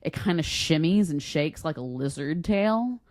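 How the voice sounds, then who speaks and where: A woman's voice: sits low, expressive, measured pace, a little mellow, no room sound, studio quality. A woman co-hosting a podcast in casual chat, laughing often and swearing freely. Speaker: podcast co-host.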